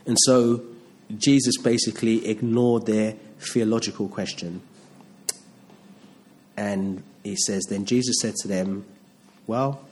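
A man's voice: fairly low pitch, fairly even intonation, slow pace, long pauses, darkish tone. A man preaching a sermon in a conversational style, often restarting phrases and asking rhetorical questions.

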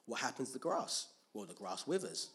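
A man's voice: medium pitch, very animated, moderate pace, fairly bright tone. A man preaching a Bible teaching sermon, asking rhetorical questions and answering them himself, with frequent restarts and repeated words.

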